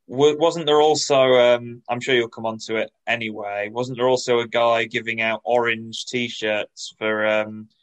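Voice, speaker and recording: A man co-hosting a podcast in casual chat, measured and dryly teasing. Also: medium pitch, fairly even intonation, rough recording. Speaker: podcast co-host.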